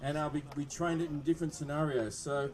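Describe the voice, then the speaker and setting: Upbeat Australian police presenter. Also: male voice, fairly high pitch, fairly even intonation, fast, darkish tone. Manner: jokey, upbeat, chatting with the kids in the crowd. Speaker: police presenter at a public open day. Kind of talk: public address to a live crowd. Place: outdoor public event. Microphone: microphone through loudspeakers.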